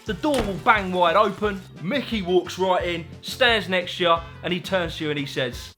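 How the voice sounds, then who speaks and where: High bright guy, wry. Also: normal speed, hardly any pauses. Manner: wry, playful. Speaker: YouTuber. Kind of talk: comic explainer narration. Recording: light music underneath.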